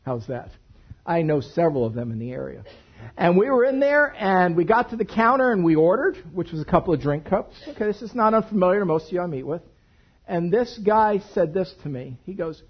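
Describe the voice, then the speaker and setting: A male pastor preaching with a lively, swooping delivery that rises and falls as he tells a story. His voice is a little husky, and the recording sounds dull and lo-fi. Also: high voice, normal speed. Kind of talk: sermon.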